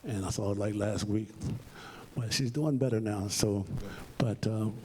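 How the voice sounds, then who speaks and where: A man's voice: lowish voice, normal speed, background noise. A man being interviewed on stage at a library event, speaking bluntly and emphatically and swearing freely. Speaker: interview guest.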